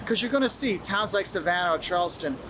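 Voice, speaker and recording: A man with a high voice, lively intonation and a quick pace gives friendly, instructive travel advice straight to camera, sometimes acting out what locals say. Background noise is audible in this advice video.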